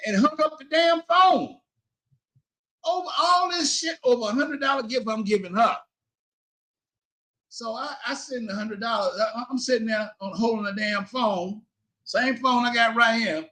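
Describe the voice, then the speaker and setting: A middle-aged man telling a story on his livestream, animated and indignant, cursing and quoting both sides of an argument. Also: high voice, a little fast. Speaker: livestream host.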